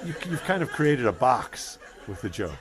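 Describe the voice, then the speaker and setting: A man's voice: medium pitch, sing-song, normal speed, heavy background noise. A man being interviewed as a stand-up comedian, talking in a thoughtful way with restarts and dry humor. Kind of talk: casual interview chat.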